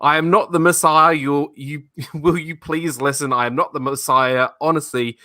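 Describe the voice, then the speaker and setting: A man's voice: on the high side, fairly even intonation, normal speed, pushed and bright, no room sound, clean studio sound, pitched above the performer's own voice. A man acting out a quote from a film comedy as an exasperated young man mistaken for a messiah, pleading with his followers in a raised, flustered voice.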